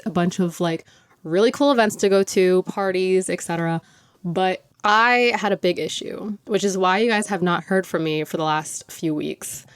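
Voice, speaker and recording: Smooth, low-voiced young woman chatting. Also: dry recording, studio quality. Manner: chatty, filler-heavy with frequent "like"; laughs often while talking. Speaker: podcast host. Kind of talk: casual chat.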